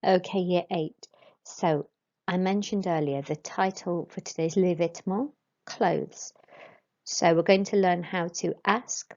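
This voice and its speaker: A woman, teaching French to pupils and modelling each word slowly and clearly. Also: on the low side, fairly even intonation, darkish tone. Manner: slow, careful modelling of pronunciation for pupils. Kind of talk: recorded classroom lesson. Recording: dull lo-fi recording.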